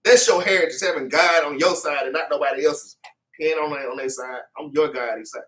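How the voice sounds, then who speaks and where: A man's voice: a little high, brisk, a bit bright, far from the mic. A man teaching an informal Bible class, preachy and repetitive, tagging his lines with "man" and "okay".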